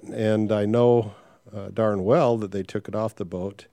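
A man's voice: on the low side, steady tone, unhurried, warm tone, dry recording. An older man hosting a podcast, talking in a frank, rambling way with many filler sounds. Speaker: podcast host. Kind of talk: casual podcast monologue.

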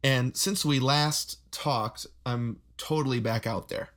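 A man co-hosting a podcast in casual chat, relaxed and rambling, laughing often, with a flat Midwestern accent. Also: medium pitch, takes it slowly. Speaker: podcast co-host.

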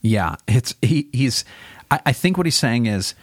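A man, a pastor co-hosting a podcast, talking through a Bible chapter in a thoughtful, casual way that turns animated when he voices God's questions. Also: medium pitch, measured pace, husky, no echo, clean studio sound.

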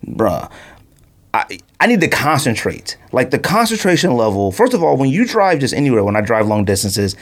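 Male podcast host, thirties, animated storyteller, mid-pitch with a very lively range, jumps high for quotes. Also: moderate pace. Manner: excitable, laughs often, acts out quotes in a high voice.

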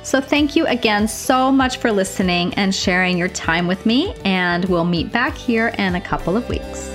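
A woman's voice: mid-range voice, animated, moderate pace, music in the background. An American woman nurse hosting her own podcast from a home office, chatting in an upbeat, gushing way. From United States. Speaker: podcast host. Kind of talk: casual podcast chat.

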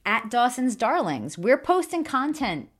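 A woman co-hosting a podcast in casual chat, wry and self-mocking with deadpan asides. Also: on the high side, a little slow, breathy edge. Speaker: podcast co-host.

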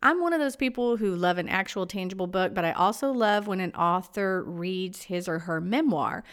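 A woman with an East Texas accent, a podcast host reading her own memoir aloud, sarcastic with dramatic pauses. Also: medium pitch, lively intonation, a bit bright, clean tone.

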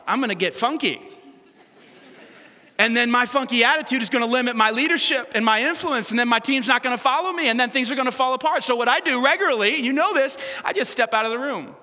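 Male pastor, high bright voice, chatty and playful sermon, big hall reverb. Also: brisk. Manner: conversational, playful preaching with asides and self-correction. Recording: long reverb of a large hall.

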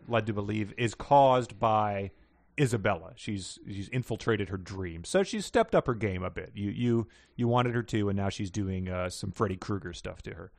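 A man's voice: fairly low pitch, gravelly, no echo, studio quality. Wry chuckling man on a podcast. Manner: wry, chuckling, reads quotes aloud mockingly. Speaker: podcast co-host. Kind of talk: comedic book-reading podcast chat.

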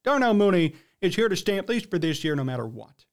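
Man, sports talk host, high voice, blunt, emphatic, incredulous commentary. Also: sing-song, fast talker. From United States. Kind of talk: opinionated sports commentary monologue.

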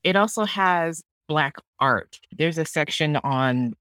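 A woman's voice: low voice, animated, slow pace, a bit bright, clean tone, dry recording, studio quality. A woman taking part in a podcast discussion, speaking with enthusiasm. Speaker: podcast guest. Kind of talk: casual discussion.

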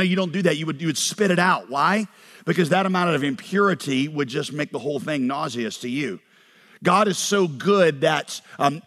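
A man from North Carolina preaching a sermon, animated, telling stories and acting out quotes, sometimes shouting. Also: on the high side. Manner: animated storytelling with acted quotes, rises to shouts. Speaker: pastor. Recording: long hall reverb.

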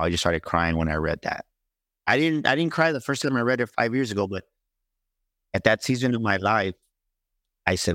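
Male guest speaker, low voice, dry close sound, animated storyteller who acts out the other voices. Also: normal speed, no echo. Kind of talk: storytelling in an interview.

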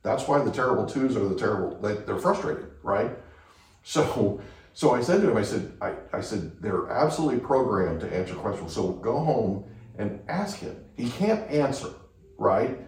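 A man hosting a podcast, telling a story with lively asides and frequent "right?" checks. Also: on the low side, moderate pace. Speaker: podcast host. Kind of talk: storytelling in a conversation. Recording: echoey room, distant mic.

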